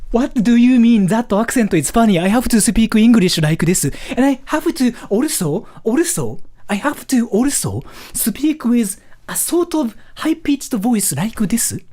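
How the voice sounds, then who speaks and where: A man putting on a high-pitched, exaggerated Japanese accent, ranting and swearing as he adds vowel sounds to the ends of words. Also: big pitch swings, unhurried, few pauses, dark tone, heavily acted. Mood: indignant.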